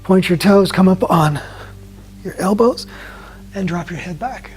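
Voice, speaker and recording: A man leading a yoga class, giving calm, slow step-by-step cues and often dropping his voice softly. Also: sits high, soft background music. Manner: calm, slow guiding cues with soft drops in volume. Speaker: yoga instructor. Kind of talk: guided yoga class instruction.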